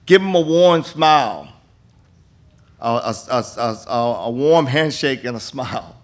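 Telling folksy stories that he restarts many times, an older man who is a campus minister gives an appeal and testimony in a church sanctuary. His medium-pitched voice is expressive and his pace measured.

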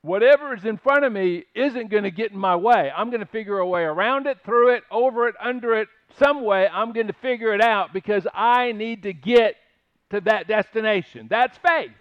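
A man's voice: high-pitched, normal speed, clear, resonant tone, dry recording, lo-fi sound. A man preaching a conversational sermon, earnest and emphatic as he retells stories. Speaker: pastor.

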